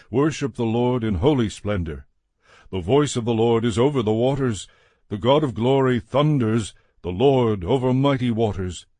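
A man's voice: mid-range voice, mellow, no echo. Man solemnly reading scripture, dry close sound. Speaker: scripture reader.

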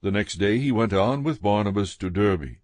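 A man giving a measured, steady reading of a Bible passage as scripted narration. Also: lowish voice, dry recording, studio quality. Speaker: scripture reader.

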